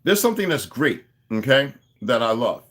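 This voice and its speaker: A man's voice: medium pitch, big pitch swings, moderate pace, a bit bright. A man talking to his viewers in a rambling, casual monologue, drifting between asides and restarting his sentences. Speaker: vlogger.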